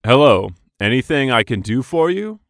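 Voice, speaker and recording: A man reading scripted business dialogues for English practice, slow and carefully enunciated. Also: medium pitch, very animated, dry recording, studio quality.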